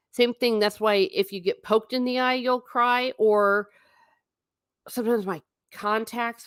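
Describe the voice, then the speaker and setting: A woman's voice: mid-range voice, no room sound, studio quality. A woman hosting a casual livestream, chatting in a rambling way, reading viewer comments aloud and laughing often. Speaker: livestream host reading chat.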